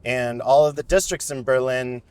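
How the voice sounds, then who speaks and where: A man's voice: medium pitch, moderate pace, clean tone, dry recording. A man in a car chatting on a podcast, his voice sitting in an ordinary middle register. He tells stories in a casual, rambling way and throws himself into the voices of the people in them. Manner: animated storyteller, acts out quoted voices loudly. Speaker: podcast co-host. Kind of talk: casual storytelling chat. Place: inside a moving car.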